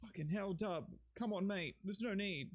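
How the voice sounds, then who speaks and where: A man's voice: high voice, moderate pace. A man chatting casually on a live stream, rambling, joking and swearing as he thanks viewers, his voice a bit strained and sore. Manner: rambling, jokey, swears freely, shouts out viewers. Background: music playing under the voice.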